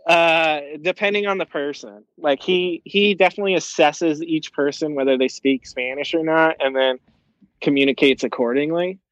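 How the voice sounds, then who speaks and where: A man's voice: fairly high pitch, steady tone, normal speed, a bit bright, no echo, lo-fi sound. A young man telling a long, rambling story in casual chat, swearing and using lots of fillers.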